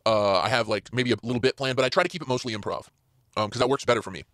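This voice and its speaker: Brief: male podcast host, quick rambling delivery, dry close sound, chatting alone in a car. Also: medium pitch, a bit bright, dry recording. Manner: rambling, full of fillers and restarts. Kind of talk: casual solo podcast chat. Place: inside a parked car.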